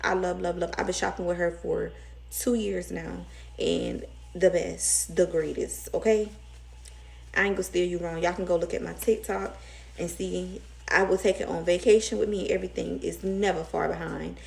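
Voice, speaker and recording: A woman's voice: fairly low pitch, normal speed, creaky, darkish tone. A young woman with a Southern US accent, rambling emotionally in a casual storytime vlog. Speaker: vlogger.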